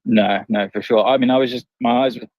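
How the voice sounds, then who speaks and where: A man's voice: mid-range voice, fairly even intonation, brisk, no echo, dull audio. A man co-hosting a live stream, telling stories in an easygoing, chatty way. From outside the US. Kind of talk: casual livestream chat.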